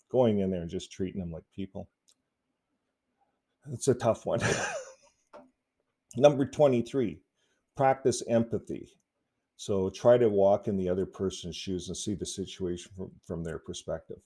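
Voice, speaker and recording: A man talking casually to camera in a relaxed, rambling vlog, often chuckling between points. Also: deep voice, gravelly. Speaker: YouTube activist vlogger.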